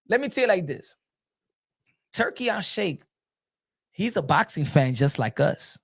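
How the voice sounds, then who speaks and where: A man's voice: sits high, big pitch swings, a little slow, creaky, pauses often. A man hosting a boxing show, ranting casually and profanely, with lots of repetition. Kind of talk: casual commentary rant.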